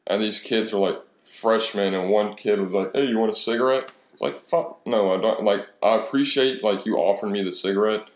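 A man in his twenties, his voice on the low side and steady, keeps a normal pace with hardly any pauses. He's swapping a profane, meandering bar anecdote in casual conversation, playing each person's lines, in an echoey room.

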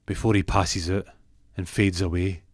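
A man's voice: sits low, steady tone, moderate pace, no room sound, studio quality. A man telling a comic story, jumping into raised voices for each character.

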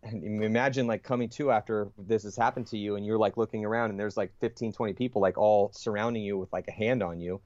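A podcast guest with a fairly low man's voice tells a long story in a loose, rambling way. He swears freely and fills the gaps with "like" and "you know". The sound is dry and a bit dull, as from a lo-fi recording. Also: steady tone, fast, few pauses, darkish tone, dry recording. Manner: profane, rambling, lots of fillers and restarts. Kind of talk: casual storytelling.

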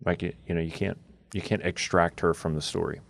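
A man's voice: sits low, steady tone, a little fast, vocal fry, no echo, studio quality. A man hosting a casual Catholic radio talk show, rambling with lots of fillers and asking "right?". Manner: loose, filler-heavy, keeps asking "right?". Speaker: host.

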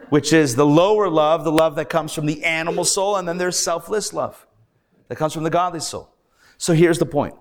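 A rabbi teaching a live class, telling stories in a lively, animated way with playful asides. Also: male voice, a little high.

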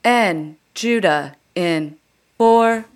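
A woman imitating a flat automated female transit announcer with slow, clipped delivery. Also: mid-range voice, clean tone. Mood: deadpan.

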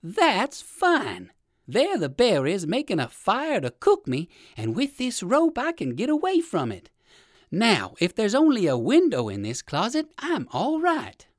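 A man voicing a kindly old gentleman rabbit in a storybook reading, with high, excited exclamations. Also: moderate pace, no echo, studio quality. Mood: relieved excited.

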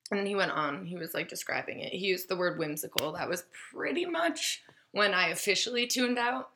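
A woman's voice: on the low side, expressive, brisk, background noise. A woman casually telling a story, acting out the quoted voices and swearing freely.

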